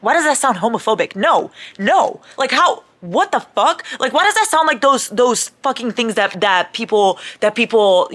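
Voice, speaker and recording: A young adult woman chatting casually in a book vlog. She gushes and swears freely, and her talk is excitable. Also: mid-range voice. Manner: excitable, gushing, swears a lot. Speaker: book vlogger. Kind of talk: casual reading vlog chat.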